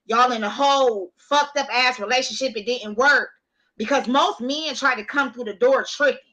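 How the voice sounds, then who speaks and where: A woman's voice: sits high, moderate pace, sharp tone. A woman hosting a casual chat, blunt and slangy, speaking with emphasis. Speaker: host.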